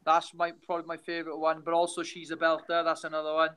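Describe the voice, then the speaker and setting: Bright-voiced young Welsh man. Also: on the high side, monotone, fast talker, clean tone, poor audio. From Wales. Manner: rambling storyteller, many restarts. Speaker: guest fighter. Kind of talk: casual chat on a video call.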